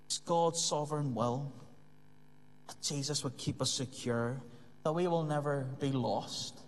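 A man's voice: medium pitch, unhurried. A man preaching a sermon in an earnest way, repeating key phrases for emphasis. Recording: long hall reverb.

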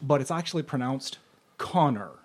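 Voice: mid-range voice, lively intonation, moderate pace, a little mellow, lightly acted. A tabletop player voicing a meek young sailor with a put-on Gaelic brogue, stammering and pleading. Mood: aggrieved. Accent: put-on Gaelic-style Irish brogue. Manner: stammering, pleading, repeats words. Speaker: player voicing a ship's rigger.

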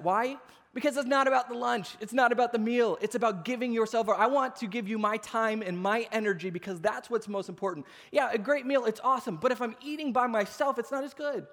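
Pastor in his thirties, high-pitched male voice, sermon full of acted-out anecdotes, echoing sanctuary. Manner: animated storytelling, acts out voices. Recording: long hall reverb.

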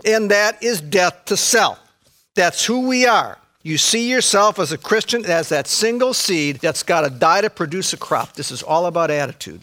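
A male pastor with a high, bright, forceful voice delivers a sermon. He preaches in an emphatic, conversational way, often turning straight to the congregation with quick asides. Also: animated.

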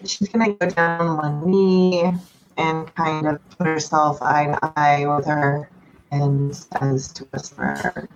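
Low, gravelly woman on a dull line. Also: unhurried. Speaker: player. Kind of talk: tabletop game play. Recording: dull lo-fi sound with faint noise.

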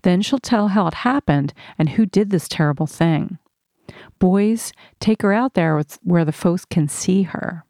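A woman's voice: lowish voice, unhurried, warm tone, no room sound, studio quality. A woman reading the lines of a showy middle-aged male dance marathon emcee in an audiobook, with a pleading, rousing showman's patter. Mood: coaxing.

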